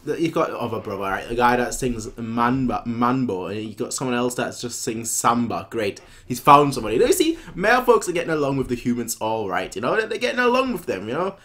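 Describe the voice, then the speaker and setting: A man talking loosely through a manga chapter, his pitch jumping all over as he rambles. He restarts his sentences and piles up fillers, in the tone of casual reaction commentary. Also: animated, fairly quick, hardly any pauses, fairly bright tone.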